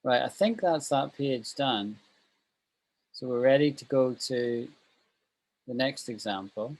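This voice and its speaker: A man's voice: medium pitch, slow, darkish tone, rough recording. A man teaching an online English class, patiently drilling pronunciation over a video call.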